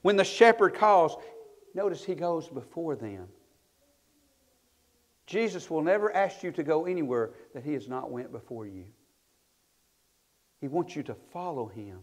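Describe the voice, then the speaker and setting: A man's voice: on the high side, lively intonation, measured pace, long pauses. A male pastor preaching a sermon with emphatic rises and falls, reading scripture aloud in old-style wording. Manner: emphatic preaching, voice swelling then falling off at phrase ends.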